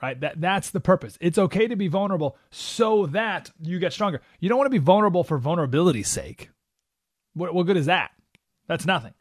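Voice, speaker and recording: A man's voice: high-pitched, expressive, fairly quick, no echo, clean studio sound. A man hosting a radio talk show, giving an emphatic, opinionated monologue and acting out the voices he quotes. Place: radio studio.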